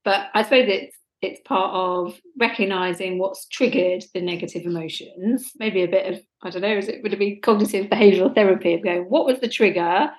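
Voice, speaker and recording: A woman co-host speaking with a Norfolk accent, at a middle pitch for a woman. She chats casually and easily, dropping in lively quoted remarks as she tells stories. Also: a little fast. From England. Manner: chatty, self-deprecating, with lively quoted asides. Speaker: podcast co-host. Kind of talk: casual chat.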